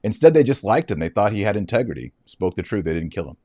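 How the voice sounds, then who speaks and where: A middle-aged man with a deep, low voice hosts a casual podcast monologue. He tells his story in an animated way and acts out the voices of the people in it. The sound is dry and close to the mic. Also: fast, dry recording. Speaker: podcast host.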